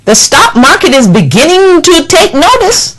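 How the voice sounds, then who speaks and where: A woman's voice: extremely high pitch, very animated, a little slow, fairly bright tone, poor audio. A woman delivering an impassioned political monologue, indignant and scolding, with emphatic repetition. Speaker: political commentator.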